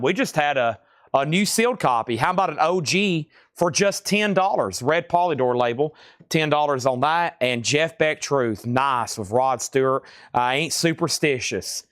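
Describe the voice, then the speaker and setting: A man hosting a live online vinyl record sale, calling out titles, prices and bids in quick patter. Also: mid-range voice, a bit bright, dry recording, studio quality. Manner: rapid-fire auctioneer patter, hums tunes. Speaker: host. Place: record shop.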